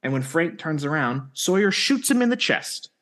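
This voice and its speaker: A man's voice: a little high, big pitch swings, moderate pace, fairly bright tone. Man recapping a plot on a podcast. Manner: plain storytelling, recapping the plot step by step. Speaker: podcast co-host. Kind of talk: casual chat recapping a TV episode.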